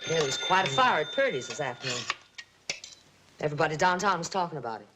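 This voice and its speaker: An actress playing a sly, nagging aunt who keeps house, in a 1950s TV drama. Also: female voice, low-pitched, lively intonation, quick pace, background noise. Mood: needling. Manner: nagging, insinuating, prim.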